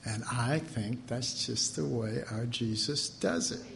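A man's voice: medium pitch, fairly even intonation, takes it slowly, creaky, a little hiss or hum. A man preaching a conversational sermon in a folksy way, laughing often and acting out the voices he quotes.

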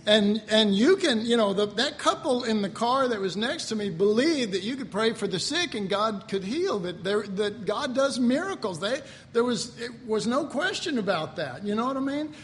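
An older pastor delivers a sermon in a homey, storytelling way, chuckling and clearing his throat as he goes. His voice sits fairly high for a man and rings with a long reverb, as in a church sanctuary, over a faint hum of ambience. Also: lively intonation, moderate pace, few pauses, a bit bright.

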